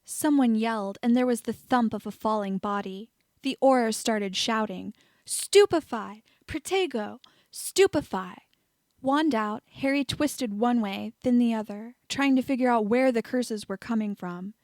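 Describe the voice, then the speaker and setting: A woman reading fan fiction aloud as an audiobook narrator, steady and even. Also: on the high side, normal speed, dry recording, clean studio sound. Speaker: audiobook reader.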